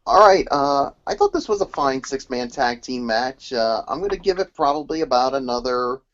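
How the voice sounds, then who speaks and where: A man's voice: mid-range voice, expressive, moderate pace, fairly bright tone. A man co-hosting a wrestling recap show, talking hesitantly with many fillers. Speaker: podcast co-host. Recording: muffled lo-fi audio.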